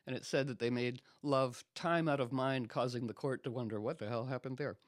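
Animated male storyteller with a dry sound. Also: mid-range voice, brisk, few pauses, no room sound. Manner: animated storytelling full of restarts. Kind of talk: casual chat and storytelling.

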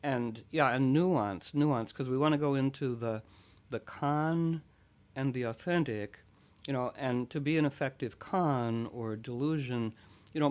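A man hosting a relaxed talk, musing his way through ideas with many restarts and the odd throat-clear. His voice sits at an ordinary middle pitch, steady and unforced. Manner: discursive, reflective, often clears throat. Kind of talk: casual conversation.

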